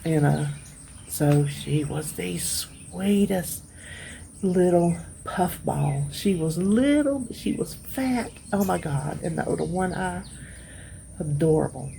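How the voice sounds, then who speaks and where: A middle-aged woman talks to her viewers in a low, gravelly, mellow voice, sounding worn out. She rambles and loses her thread, with long pauses and emotional turns. She is recording outdoors, with faint birds and insects behind her. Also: lively intonation, a little hiss or hum. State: tired. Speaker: vlogger. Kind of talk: casual rambling chat to viewers.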